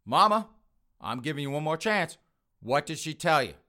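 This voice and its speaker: A man voicing a petulant grown son who shouts accusations at his mother, pitched high and loud. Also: wildly swooping pitch, fast talker, heavily acted. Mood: whiny, accusing. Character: whiny, hot-tempered grown son, male adult.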